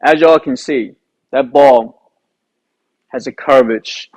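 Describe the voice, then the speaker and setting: A man, a golf instructor, recounting a round in an animated storytelling way, asking himself rhetorical questions. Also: medium pitch, slow pace, rough recording. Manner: animated, rhetorical questions, re-enacts his own thoughts.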